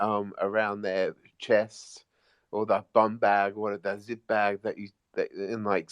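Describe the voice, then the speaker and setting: A man hosting casual podcast banter, teasing and breaking into loud laughs. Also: fairly low pitch, clear, resonant tone, no room sound. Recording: dull lo-fi recording.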